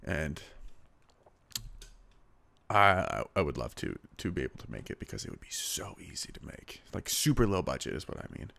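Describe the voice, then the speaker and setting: A man's voice: a bass voice, big pitch swings, moderate pace, gravelly, fairly bright tone. A young man hosting a casual solo podcast, talking in a rambling, self-deprecating way full of fillers and restarts, recorded on a small handheld recorder. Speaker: podcast host.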